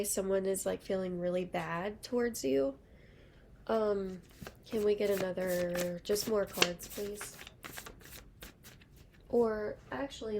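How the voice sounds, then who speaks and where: A woman's voice: mid-range voice, unhurried, long pauses, a little mellow. A young woman giving a casual, rambling tarot reading to her viewers. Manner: chatty, rambling, lots of fillers. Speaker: tarot reader.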